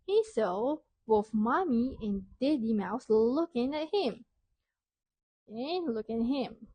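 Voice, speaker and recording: A woman teacher telling a story to young children, asking questions and praising answers clearly. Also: a little high, expressive, slow pace, dark tone.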